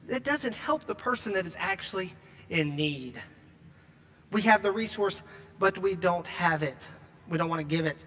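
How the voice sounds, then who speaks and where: A man preaching a sermon, emphatic, repeating key lines and slowing down to stress them. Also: high voice, expressive, sharp tone, long reverb tail. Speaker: pastor.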